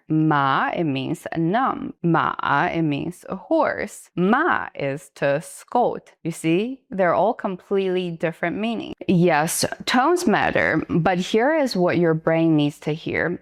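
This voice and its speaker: Low-voiced woman teaching Mandarin earnestly. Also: no room sound, clean studio sound. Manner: slow, exaggerated demonstration of tones; earnest, emphatic rhetorical delivery. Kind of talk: scripted video lesson.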